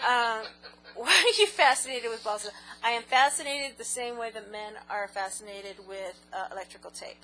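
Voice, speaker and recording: A woman's voice: fairly high pitch, expressive, moderate pace, pushed and bright, slight background noise, rough recording. A woman vlogger answering viewer questions in a giggly, rambling, self-mocking casual chat.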